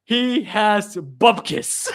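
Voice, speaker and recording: Casual geek chat guy, slightly high voice, rambly, keeps laughing. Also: very slow. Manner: animated, rambling, laughs often. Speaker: podcast co-host.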